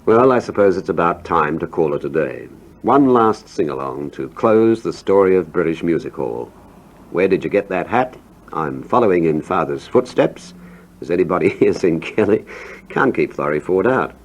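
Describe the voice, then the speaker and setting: Deep-voiced male radio narrator. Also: animated, normal speed, slight background noise. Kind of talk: scripted documentary narration.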